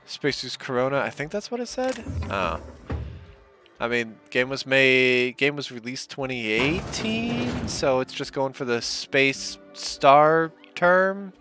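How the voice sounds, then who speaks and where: A laid-back man talks through a video game as he plays, half muttering to himself. His pitch moves around a lot, and soft music plays underneath. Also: big pitch swings, slow. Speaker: let's play host. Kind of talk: casual gameplay commentary.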